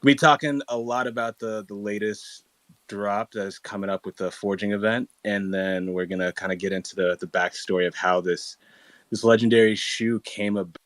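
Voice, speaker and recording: A low-voiced man hosts a casual online audio chat. He sounds upbeat and easygoing, pausing on fillers and restarting phrases. The sound is dry and close. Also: fairly even intonation, fairly bright tone, no room sound. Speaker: host.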